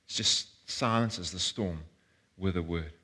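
A man's voice: low-pitched, a little slow, bright, forceful tone, husky. A man, preaching a sermon in an earnest way, often repeating words and acting out voices. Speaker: pastor.

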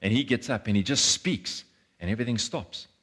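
A man's voice: lowish voice, brisk, a bit bright, breathy edge. A man, preaching a sermon in an earnest way, often repeating words and acting out voices. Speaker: pastor.

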